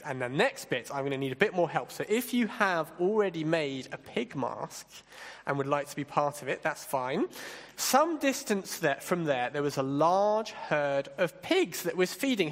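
A man leading an interactive Bible talk, playful and directing volunteers with quick asides. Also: a little high, big pitch swings, in a large hall. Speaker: church leader giving a talk.

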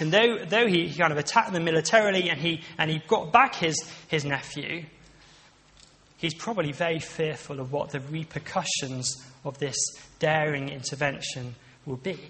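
A man's voice: a little high, bright, forceful tone. Man preaching in a reverberant hall. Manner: conversational, with many restarts and asides. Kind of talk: sermon. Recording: long reverb of a large hall.

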